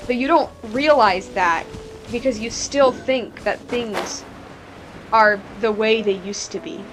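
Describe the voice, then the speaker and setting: A woman's voice: a little high, slow, faint music behind. A woman streamer talking casually about a game, rambling and candid, filling her talk with "like". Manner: rambling and candid, heavy with "like" fillers.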